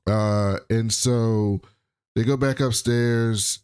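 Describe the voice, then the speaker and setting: A man co-hosting a casual podcast, recapping a TV episode in an animated, slangy way. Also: mid-range voice, normal speed. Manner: animated, acts out characters, slangy. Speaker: podcast co-host.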